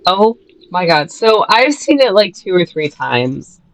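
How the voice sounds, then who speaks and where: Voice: medium pitch, sing-song, unhurried, no echo, low-quality recording. A co-host of a gaming video chatting casually, swearing now and then. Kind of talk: casual chat while playing a game.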